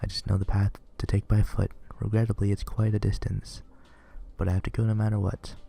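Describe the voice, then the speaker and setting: A man's voice: on the low side, flat delivery, fairly quick, creaky, warm tone. A man reading a visual novel aloud in an earnest, plain manner, with small stumbles. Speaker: reader playing a visual novel.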